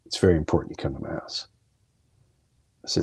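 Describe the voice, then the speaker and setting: Low gravelly man telling candid stories. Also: fast talker, pauses often, a little mellow. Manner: candid, emotional storytelling with quoted dialogue. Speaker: podcast host. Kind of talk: solo storytelling monologue.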